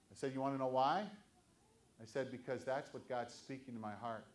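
A man's voice: medium pitch, fairly even intonation, brisk. An older man, a pastor, preaching an earnest, conversational sermon to his congregation.

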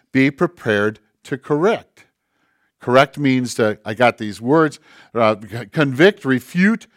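A man preaching a conversational sermon, swinging between loud emphasis and hushed, quiet quoting. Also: medium pitch, no room sound, clean studio sound. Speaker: pastor.

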